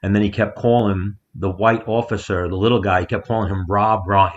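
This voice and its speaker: Recording from a rented house, this fairly low-voiced man co-hosts a podcast and speaks a little fast. His casual, profane storytelling is animated, with quotes acted out loudly for punch. The sound comes through muffled and lo-fi, as if over a remote call.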